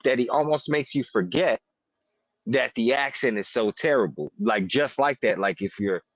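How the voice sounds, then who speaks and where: A man's voice: medium pitch, normal speed, no room sound. A man co-hosting a podcast in casual chat, rambling and profane, often searching for words. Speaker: podcast co-host.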